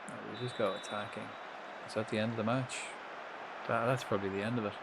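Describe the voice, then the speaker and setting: A man with a fairly low voice talks through a football game on a live stream, chatty and quick to swear. He reacts out loud to every moment on the pitch. A clear layer of noise runs behind his voice. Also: steady tone. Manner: chatty, swears freely, reacts loudly to the match. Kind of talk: casual live gameplay commentary.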